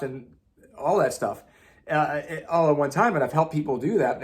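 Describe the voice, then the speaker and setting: A man giving an emphatic spiritual self-help monologue, repeating himself and swearing casually. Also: medium pitch. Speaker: motivational speaker.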